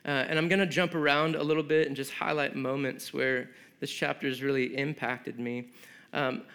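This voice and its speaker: A man's voice: mid-range voice, level tone, moderate pace, a bit bright. A man preaching a sermon in an earnest, conversational way. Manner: earnest, conversational with fillers and restarts. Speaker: pastor.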